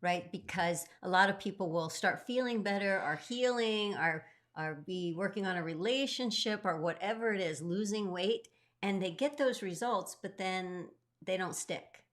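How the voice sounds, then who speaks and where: A woman's voice: medium pitch, moderate pace. Chatty woman co-hosting a live stream. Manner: chatty, agreeing, encouraging. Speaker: co-host. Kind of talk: conversational live-stream chat.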